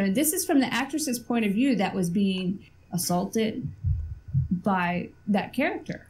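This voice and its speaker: A woman's voice: mid-range voice, expressive, unhurried, darkish tone, breathy edge, rough recording. Woman co-host rambling through a story, lots of um's, easygoing chat. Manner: rambling storyteller, many ums. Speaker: podcast co-host. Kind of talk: casual chat.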